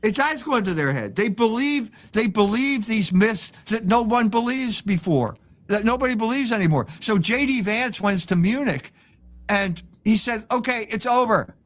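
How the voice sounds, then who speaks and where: A man's voice: high-pitched, animated, normal speed. An older man, a guest author on a live stream interview, lecturing in an opinionated, emphatic way. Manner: opinionated, emphatic lecturing with mocking quoted voices.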